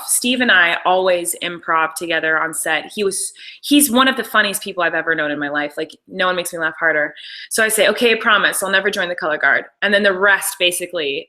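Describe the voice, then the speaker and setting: A woman's voice: fairly low pitch, bright, forceful tone, low-quality recording. A young woman chatting casually on a live stream, gushing over behind-the-scenes stories with apologetic asides. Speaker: show creator and host.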